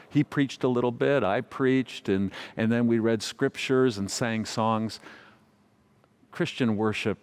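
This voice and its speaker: A man's voice: mid-range voice, darkish tone. A male pastor giving a sermon, telling a funny story in a conversational, self-deprecating way.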